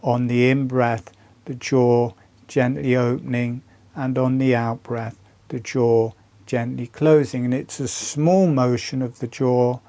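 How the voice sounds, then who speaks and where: An older man teaching a breathwork practice in a calm, deliberate, earnest way. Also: medium pitch. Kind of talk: slow guided instruction.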